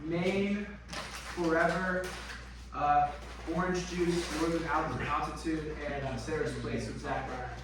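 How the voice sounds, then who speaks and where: A man's voice: on the high side, fairly even intonation, takes it slowly. A man in casual chat with teammates, unsure and guessing his answers aloud. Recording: echoey room, far from mic, noisy.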